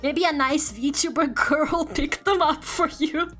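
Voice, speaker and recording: High-voiced chatty streamer woman. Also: slow, a bit bright, faint music behind. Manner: chatty, laughs often, swears casually. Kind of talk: casual livestream chat.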